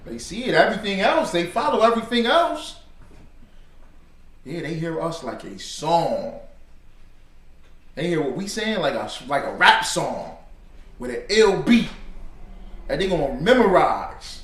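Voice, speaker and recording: A man's voice: fairly high pitch, big pitch swings, unhurried, pauses often, a bit bright. A man teaching a religious brotherhood class in a slangy, conversational way, quizzing his students in call and response. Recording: roomy room, distant mic.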